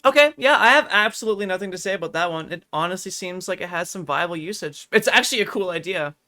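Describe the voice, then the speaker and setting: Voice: mid-range voice, animated, fast, pushed and bright. A streamer giving casual, dry, sarcastic commentary while reacting to videos.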